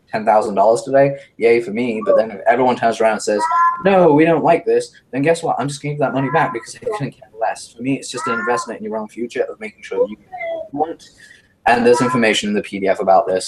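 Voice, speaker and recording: A man talking fast and brashly as a guest in a casual interview, animated and self-mocking. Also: lowish voice, noisy background.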